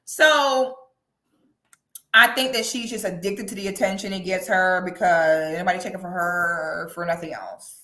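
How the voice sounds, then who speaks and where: A woman doing casual reaction commentary, sassy and animated. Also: fairly low pitch, normal speed, reverberant. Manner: sassy, animated, breaks into loud laughing shrieks. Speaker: commentary vlogger.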